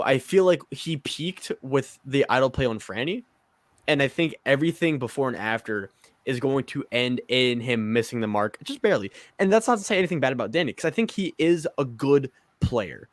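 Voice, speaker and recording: A man co-hosting a podcast, chatting in a relaxed, joking way and hedging his opinions. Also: medium pitch, dry recording. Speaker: podcast co-host. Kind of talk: casual chat.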